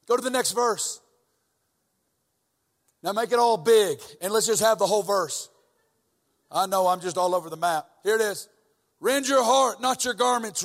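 A male preacher with a high, ringing voice delivers a sermon in a fiery, rhythmic cadence, shouting lines and easing at times into soft, tender talk. His words carry a long reverb from a large church hall. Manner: intense, shouting, sing-song preaching cadence; quotes scripture and has the crowd repeat after him. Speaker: guest preacher.

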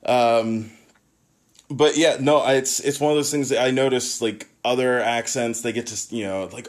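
A man hosting a podcast, joking and rambling in relaxed chat. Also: mid-range voice, a little fast. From United States. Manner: jokey, rambling with restarts. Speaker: podcast host.

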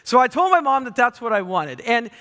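A man's voice: very high voice, very animated, brisk, pushed and bright. A man in his thirties, a pastor giving a sermon with playful, self-mocking storytelling. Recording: long hall reverb.

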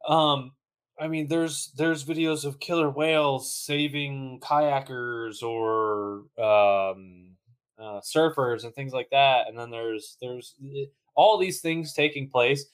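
A man's voice: medium pitch, takes it slowly, clean tone. A man co-hosting a podcast in casual chat, laughing often, swearing freely and restarting his sentences. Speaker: podcast co-host.

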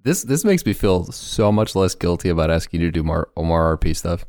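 A man in his twenties hosts a podcast in loose, jokey conversation, quick to laugh at himself. His voice sits very low but swings up and down with lots of expression. The recording is close and dry. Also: no echo. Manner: animated, joking and laughing. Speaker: podcast host. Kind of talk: casual chat.

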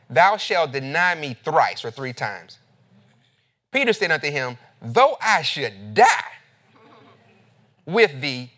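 Male pastor, fairly high and bright voice, preaches with a lively, swinging delivery. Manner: lively, conversational preaching, addresses listeners as family. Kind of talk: sermon with scripture reading.

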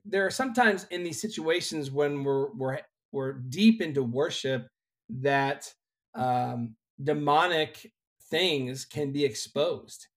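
A young adult man, a worship leader, telling an earnest, animated personal story in a relaxed conversation. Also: a little high, slow pace.

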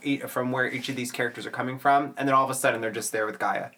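A man's voice: medium pitch, steady tone, quick pace, sharp tone. A man co-hosting a podcast, recapping a cartoon in casual chat, rambling and correcting himself. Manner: rambling, many fillers and self-corrections. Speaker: podcast co-host.

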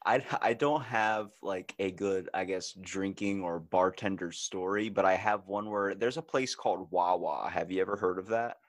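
A man hosting a podcast, telling stories in casual chat with lots of swearing and loud acted-out quotes. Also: sits low, moderate pace, few pauses, dry recording, studio quality. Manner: animated storyteller, swears freely, acts out quotes loudly.

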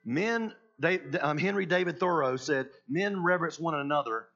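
A pastor preaching a sermon in an emphatic way, swinging between hushed and loud. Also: male voice, a little high, lively intonation, moderate pace, vocal fry, dull audio, faint music behind.

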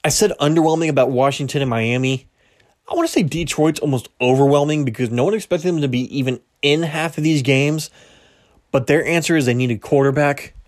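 A man's voice: fairly high pitch, brisk. A young man hosting a solo sports podcast, talking casually, correcting himself often, his voice a little strained. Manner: casual, rambling, self-correcting, laughs at himself. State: slightly strained voice. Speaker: podcast host.

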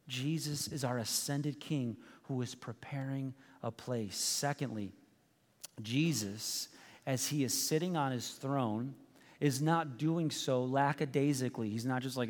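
A man's voice: mid-range voice, moderate pace. A man preaching a sermon as pastor, conversational and joking, often restarting his sentences. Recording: long hall reverb.

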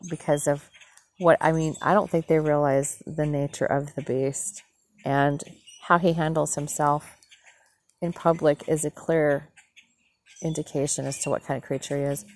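Woman host, low raspy voice, outspoken casual ranter. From Northern United States. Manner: frank, indignant, swears freely. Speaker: podcast host. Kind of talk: casual ranting monologue.

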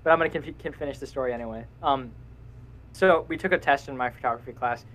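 A man's voice: medium pitch, fast, fairly bright tone, poor audio. Rambling young man, casual podcast chat. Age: young adult. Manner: rambling, self-interrupting, laughs often. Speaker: podcast co-host.

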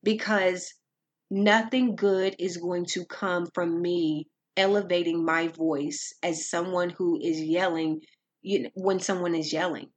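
A woman giving calm, earnest faith-based advice on dealing with difficult people, in a measured teaching manner. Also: on the low side, breathy edge. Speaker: Christian speaker.

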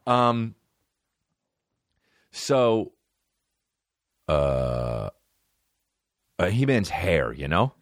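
Rambling, profane man, lively delivery. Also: deep voice, no room sound, studio quality. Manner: profane, rambling storytelling with frequent fillers; laughs often while talking. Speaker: podcast host. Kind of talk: casual comedic monologue.

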